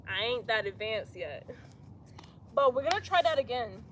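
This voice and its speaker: A young woman leading a casual yoga class outdoors, chatty and talking herself up out loud as she tries a backbend. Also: a little high, animated, normal speed, slight background noise. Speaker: yoga instructor.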